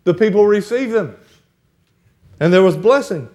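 A man's voice: high-pitched, animated, moderate pace, a little mellow. A male preacher retelling a Bible story in a sermon, acting out the characters' lines as he goes.

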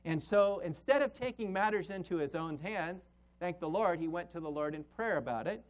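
Emphatic preaching man. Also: expressive. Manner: emphatic, drops to quiet low phrases for emphasis; slows down on key words. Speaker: pastor. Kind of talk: sermon.

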